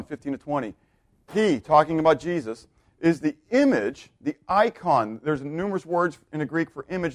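A man with a fairly high voice preaches a sermon in a dry, studio-quality recording. Teaching from the Bible, he's animated and poses questions that he then answers himself.

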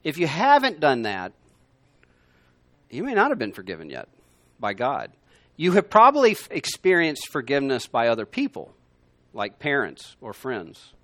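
A man teaching a Bible lesson to a room of listeners, conversational and emphatic, swinging between loud and quiet. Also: medium pitch, wildly swooping pitch, normal speed, pauses often, no room sound. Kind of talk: sermon. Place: room with a gathered class.

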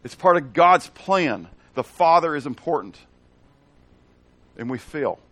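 Animated man teaching from the Bible. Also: on the high side, unhurried, dry recording. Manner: conversational, keeps checking in with the audience; asks the audience questions and repeats phrases.

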